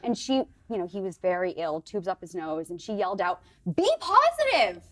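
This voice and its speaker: A woman hosting a casual interview, telling stories in a warm, chatty way. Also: fairly low pitch, steady tone, brisk, no echo. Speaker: podcast host.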